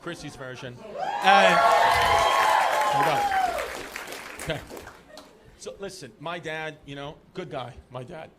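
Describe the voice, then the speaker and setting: Stand-up comic from Queens, high voice, shouting his punchlines over a laughing club crowd, noisy live room. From Queens, New York. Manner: loud, animated crowd work with shouted punchlines. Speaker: stand-up comedian. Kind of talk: stand-up comedy set. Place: comedy club stage.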